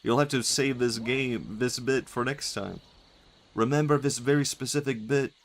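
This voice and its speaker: A man's voice: mid-range voice, steady tone, moderate pace. A man streaming a video game, joking and laughing often with wry asides as he plays. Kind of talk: casual gaming commentary.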